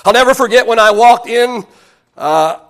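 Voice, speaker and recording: Oklahoma pastor guy telling a story in a sermon, bright sharp voice, stumbles and restarts a lot. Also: extremely high pitch, moderate pace. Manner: animated, self-deprecating storytelling with repeated restarts.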